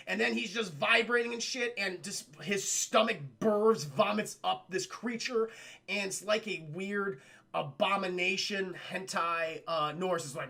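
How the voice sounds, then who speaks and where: High, gravelly man ranting to chat. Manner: animated, acts out characters' lines in quick changes of voice; swears a lot and keeps addressing the chat. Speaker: streamer reviewing a film with live chat. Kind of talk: casual, profane scene-by-scene film recap.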